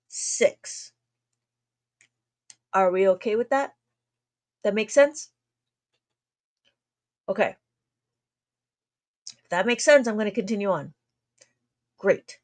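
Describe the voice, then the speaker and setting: Chatty woman teaching abacus math. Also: a little high. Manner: chatty, laughs often, talks fast, tries to slow down. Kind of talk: livestream math lesson.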